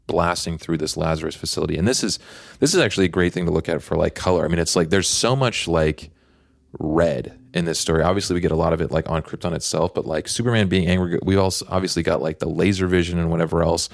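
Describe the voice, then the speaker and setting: A man's voice: low-pitched, fast talker, gravelly, no room sound. A man co-hosting a podcast, chatting casually about comics with lots of fillers and a rambling flow. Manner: rambling, heavy use of fillers. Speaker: podcast co-host.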